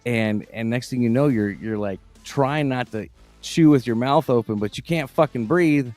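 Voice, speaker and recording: Profane rambling man, middle-pitched voice. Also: normal speed, darkish tone, no room sound, faint music behind. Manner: profane, rambling, restarts words. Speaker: podcast co-host. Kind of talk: casual chat.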